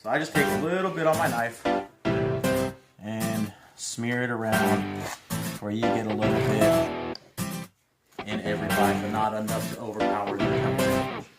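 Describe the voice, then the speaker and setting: A man's voice: fairly low pitch, steady tone, normal speed, long pauses. A man hosting a casual cooking demonstration in his home kitchen, talking in a laid-back, chatty way with folksy asides. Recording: roomy kitchen with music behind.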